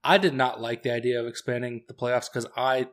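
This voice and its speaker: A young man co-hosting a football podcast in casual chat, relaxed and measured. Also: medium pitch. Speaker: podcast co-host.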